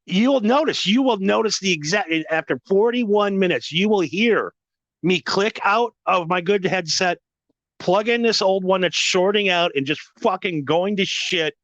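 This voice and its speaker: A man's voice: high voice, measured pace, a bit bright, no room sound. A man hosting a podcast, ranting in a profane, emphatic, repetitive way. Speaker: podcast host.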